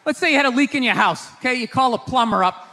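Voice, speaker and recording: A man doing a stand-up comedy set on a stage before a live audience, ranting and often shouting his punchlines. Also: extremely high pitch, quick pace. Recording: live show hall with crowd noise. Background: audience laughter and murmur.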